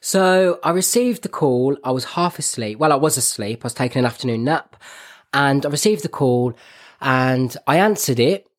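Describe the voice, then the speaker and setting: Lively man with a Birmingham accent. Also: mid-range voice, normal speed. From Birmingham, England. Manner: laughs often, self-mocking, animated telling. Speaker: podcast co-host. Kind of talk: casual chat, storytelling.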